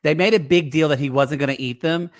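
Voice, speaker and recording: A man's voice: a little high, fast. A man on a podcast, tossing off wry quips and asides in casual chat. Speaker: podcast co-host.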